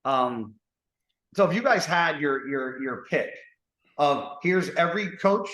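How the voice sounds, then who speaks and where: A man who is a bodybuilder, chatting casually on a podcast and rambling through halting restarts. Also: fairly high pitch, animated, fairly bright tone. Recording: roomy echo.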